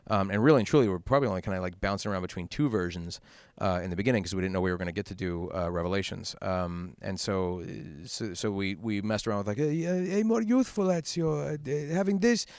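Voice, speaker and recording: A man voice actor being interviewed at a convention, telling stories in a quick, animated way with many restarts. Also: low-pitched, clear, resonant tone, dry recording. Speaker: voice actor guest. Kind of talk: casual interview chat.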